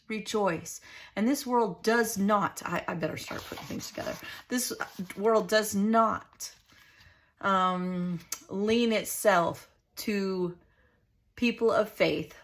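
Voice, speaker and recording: A woman's voice: mid-range voice, a bit bright. A middle-aged woman hosting a craft channel, chatting in a rambling, heartfelt way while she works on a journaling page. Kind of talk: casual chat while crafting.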